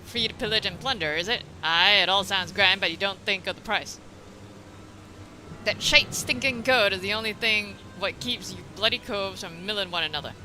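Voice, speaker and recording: A woman voicing a swaggering, taunting male pirate marauder who talks in rough, old-fashioned slang, reading game dialogue aloud. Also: medium pitch, normal speed, bright, forceful tone, a little hiss or hum, low-quality recording. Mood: mocking.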